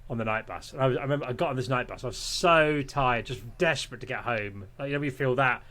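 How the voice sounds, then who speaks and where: A man's voice: mid-range voice, fast talker, pushed and bright. A man, a podcast guest, telling a long casual anecdote, rambling with restarts and breaking into laughter.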